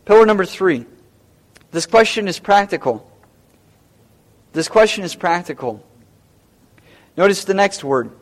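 A man's voice: high-pitched, lively intonation, a little slow, long pauses. A man preaching a sermon as pastor, emphatic and repeating key phrases.

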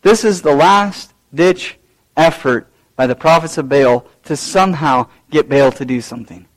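A male pastor preaching a sermon, swinging between loud, raised lines and low, quiet asides. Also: measured pace, poor audio.

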